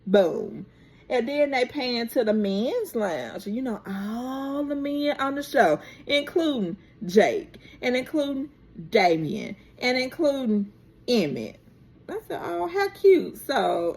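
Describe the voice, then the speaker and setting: A woman vlogger recaps a TV episode in a chatty, unhurried way. Her pitch swings widely as she tells the story, and her voice carries a gravelly edge. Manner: chatty, animated, drawn-out storytelling.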